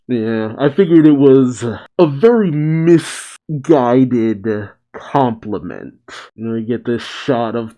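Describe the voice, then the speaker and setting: A man narrates a comic book reaction, reading the panels aloud and chiming in with chatty, enthusiastic asides. His voice is mellow and relaxed throughout. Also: mid-range voice, slow pace, hardly any pauses, muffled recording. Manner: enthusiastic and chatty, laughs often. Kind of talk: comic book read-along with commentary.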